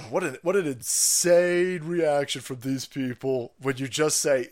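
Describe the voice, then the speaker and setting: Foul-mouthed, animated ranting man. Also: a little high, takes it slowly, few pauses. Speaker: livestream host. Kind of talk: ranting livestream commentary.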